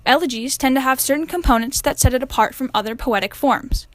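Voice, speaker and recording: A woman's voice: high-pitched, a little fast, fairly bright tone, dry recording. A young woman reading out a class presentation, explaining the meter of a poem. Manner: reads a poem aloud, then explains its meter. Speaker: student presenter.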